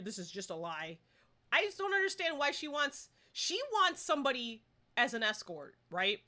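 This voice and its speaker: A young woman live-streaming a game, chatting casually and excitably and breaking into squeals. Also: high voice.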